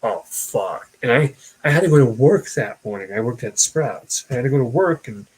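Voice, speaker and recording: A young man co-hosting a casual chat show, telling personal stories in a halting way with many fillers and restarts. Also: mid-range voice, animated, darkish tone, husky, poor audio. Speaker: podcast co-host.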